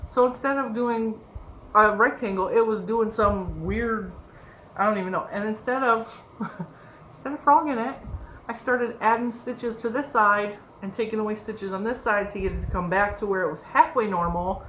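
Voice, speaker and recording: A woman's voice: medium pitch, moderate pace, a bit bright. Chatty woman showing off her crochet. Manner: chatty, rambling, laughs often. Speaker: crochet vlogger. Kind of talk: casual show-and-tell chat. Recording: echoey room with faint background noise.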